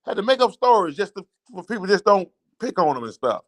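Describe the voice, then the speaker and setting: A man's voice: sits high, sing-song, brisk. A man with a Southern American accent telling an emotional story as a show host, repetitive and rising with indignation. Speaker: teachers' association advocate hosting a show. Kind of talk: impassioned spoken monologue.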